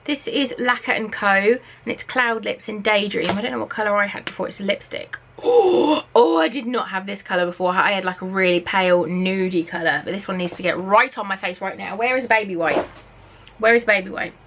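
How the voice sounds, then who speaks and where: An excitable young Englishwoman from Norfolk talks through a beauty box at home, gushing over each item and reading the packaging aloud. Her pitch sits mid-range for a woman, with a faint background hum in the room. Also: brisk, hardly any pauses. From Norfolk, England. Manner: chatty and excitable, reads product blurbs aloud. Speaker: beauty vlogger. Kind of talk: casual unboxing chat. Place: at home, indoors.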